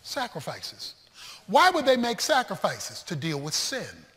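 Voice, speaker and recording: Animated, high-voiced preacher shouting a sermon. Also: male voice, measured pace, long reverb tail. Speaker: pastor.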